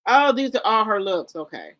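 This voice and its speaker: A woman hosting casual celebrity gossip commentary, talking straight to her viewers with loud, incredulous exclamations and blunt swearing. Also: mid-range voice, sing-song, normal speed, no room sound. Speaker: gossip channel host.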